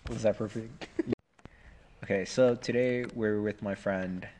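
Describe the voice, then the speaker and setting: A man talks slowly and unhurriedly on his own podcast. His voice sits low, and it is soft. He rambles in a laid-back way, swearing freely. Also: fairly even intonation, a little hiss or hum. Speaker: podcast host. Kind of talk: casual solo podcast chat.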